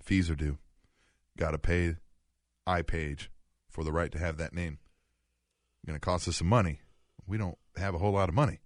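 A man co-hosting a casual podcast, telling stories in a profane, animated way. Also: deep voice, moderate pace, long pauses, dry recording, clean studio sound. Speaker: podcast co-host.

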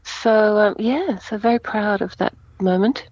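A woman's voice: mid-range voice, a little slow, a little mellow, no room sound, highs cut off. Chatty, rambling woman in her sixties. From Australia. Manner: chatty and rambling, laughs often. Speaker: guest, actress. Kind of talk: casual interview over a call.

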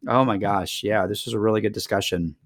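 A man's voice: lowish voice, fairly quick, dry recording, studio quality. A man, co-hosting a podcast in casual chat and telling stories with lots of laughter. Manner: animated storyteller, laughs often. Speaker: podcast co-host.

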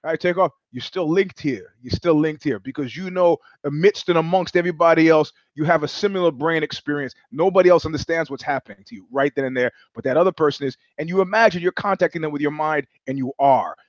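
A man's voice: fairly high pitch, quick pace, hardly any pauses, no room sound, dull audio. A man hosting a live-streamed show, delivering a rambling, profane comic monologue with many restarts. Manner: animated, profane, repetitive restarts. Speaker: host.

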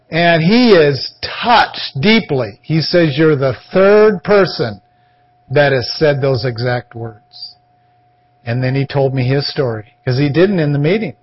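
The recording is muffled, and the man's voice sits on the high side as he preaches on a podcast. He recounts his personal testimony in an animated storytelling way, performing the voices of those in the tale.

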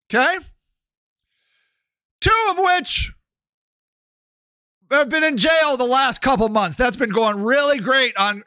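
A man's voice: extremely high pitch, pushed and bright, no room sound, clean studio sound. A man ranting angrily about politics on a livestream, swearing constantly. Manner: angry, profane ranting. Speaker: political commentator. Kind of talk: livestreamed rant.

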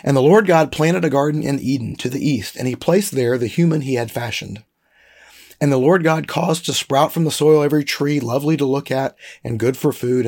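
A man with a husky, gravelly voice teaching a Bible lesson. He reads scripture passages slowly and carefully, then explains them in a relaxed, conversational way with plenty of fillers. His pitch sits in an ordinary middle range.

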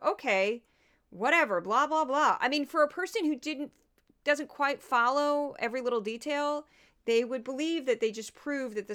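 A woman's voice: on the high side, a bit bright, smooth. A woman hosting a podcast, chatty and sarcastic in casual commentary, laughing often. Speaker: podcast host.

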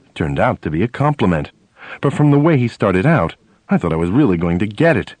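A man narrating a first-person memoir audiobook, telling stories in an animated way. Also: lowish voice, a little fast, no room sound. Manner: animated storytelling, acting out dialogue.

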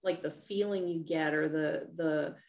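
A woman's voice: sits low, fairly even intonation, a little slow. A woman podcast host and coach asking a guest rambling, encouraging questions during an interview. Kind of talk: interview conversation.

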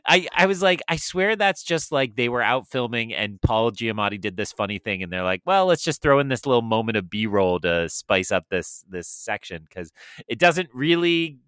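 A man's voice: sing-song, moderate pace, fairly bright tone, clear, resonant tone, dry recording. A man co-hosting a casual film review podcast, rambling enthusiastically about a favorite scene. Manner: rambling, enthusiastic, jumps up in pitch. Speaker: podcast co-host.

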